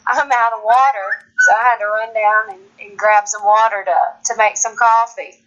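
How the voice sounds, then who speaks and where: A woman's voice: a little high, steady tone, normal speed, fairly bright tone, highs cut off. A woman singer-songwriter from Alabama, chatting as a guest in a casual phone interview, laughing often and restarting her sentences.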